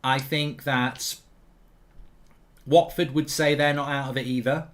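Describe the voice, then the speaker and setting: A man hosting a live football watchalong, reading viewer comments aloud and answering them with quick, opinionated asides. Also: mid-range voice, fairly even intonation, fairly bright tone. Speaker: host.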